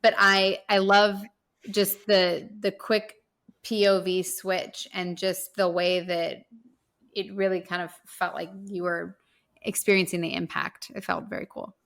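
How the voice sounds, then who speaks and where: A woman co-hosting a casual film podcast roundtable, relaxed and rambling, with many "like" and "kind of" fillers. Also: medium pitch, measured pace, vocal fry. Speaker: podcast co-host.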